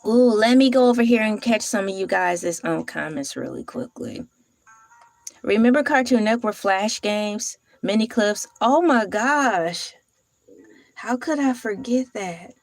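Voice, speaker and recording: A woman's voice: mid-range voice, lively intonation, gravelly. A woman hosting a casual livestream, chatting with viewers and reading comments. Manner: chatty, drawn-out, talks to viewers. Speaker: livestream host.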